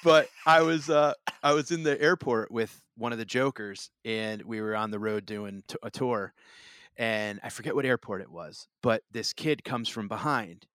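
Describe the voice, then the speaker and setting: A man's voice: on the low side, normal speed, a bit bright, no echo, studio quality. A man co-hosting a podcast, telling a long story in casual chat, full of restarts and fillers. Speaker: podcast co-host.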